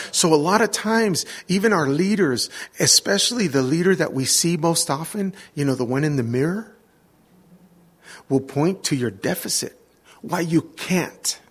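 A man's voice: fairly high pitch, breathy edge. A middle-aged man preaching a casual sermon, telling stories and checking in with the congregation. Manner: casual, asks the congregation for responses. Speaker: worship leader and preacher. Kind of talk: conversational sermon with storytelling.

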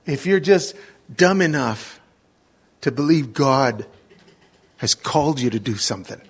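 A middle-aged man preaching a sermon, telling a story with lively acted-out moments and sudden shouts. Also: mid-range voice, measured pace, slightly rough. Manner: animated, acts out scenes with sudden shouts. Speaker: pastor.

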